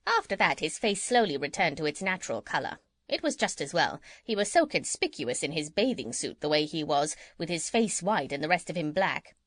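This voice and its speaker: A woman reads a children's audiobook, voicing a chatty, gossipy female parrot in an exaggerated way. Her voice is low and her pace a little fast, and her storytelling is lively and full of chatter. The recording has no echo.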